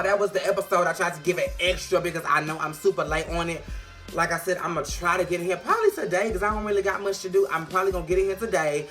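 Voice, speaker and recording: A woman doing a sassy, profane recap of a reality show, animated and playful. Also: deep voice. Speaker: vlogger reviewing a reality show.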